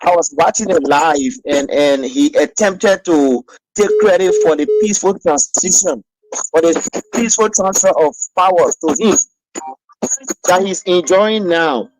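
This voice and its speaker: A man calling in to a radio show over WhatsApp, speaking with hesitant pauses and fillers. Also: fairly high pitch, a little mellow, low-quality recording. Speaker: caller. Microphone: WhatsApp call.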